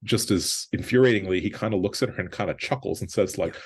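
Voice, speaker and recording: A man's voice: low-pitched, quick pace, husky. A man who is a guest film critic, talking through a movie in thoughtful conversational analysis, restarting sentences often. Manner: thoughtful, many restarts, quotes characters in a lighter voice.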